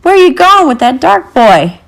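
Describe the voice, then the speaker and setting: Menacing raider men from a storybook bark and jeer at their captives, as a woman voices them. The voice is loud and pushed high. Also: big pitch swings, moderate pace, vocal fry, heavily acted. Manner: barking, jeering.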